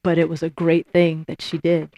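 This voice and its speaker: A woman preaching a sermon, lively and emphatic, acting out the voices she quotes and repeating lines for emphasis. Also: sits low, moderate pace, dry recording.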